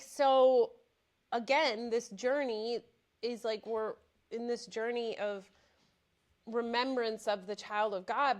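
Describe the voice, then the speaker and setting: Woman host talking trust n acceptance, calm reflective coaching vibe, highish voice. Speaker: podcast host. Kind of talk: spiritual coaching talk.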